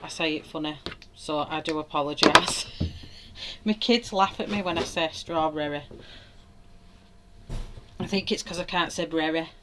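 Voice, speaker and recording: A woman's voice: sits low, fairly even intonation, measured pace, long pauses, noisy background. A woman, chatting casually at home while she colours on a livestream, greeting viewers by name and laughing often. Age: 30s. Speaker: livestream host.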